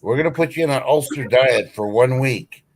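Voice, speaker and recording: A man's voice: mid-range voice, normal speed, a little hiss or hum. A man in a casual group chat who teases and jokes with the others. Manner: teasing, joking.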